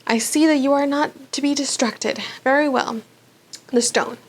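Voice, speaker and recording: A woman's voice: sits high, fairly even intonation, moderate pace, natural voice. A woman doing a kindly old wizard headmaster.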